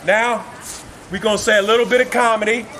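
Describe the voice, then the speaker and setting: A man's voice: sits high, steady tone, fairly quick, sharp tone, slight background noise. A man from Northern California, a father, delivering an impassioned, profane monologue with an emphatic preaching cadence.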